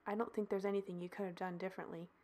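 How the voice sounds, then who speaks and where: A woman's voice: medium pitch, level tone, very fast, a little mellow, close to an everyday voice. A woman voicing an intense, sincere man who talks earnestly and reassuringly.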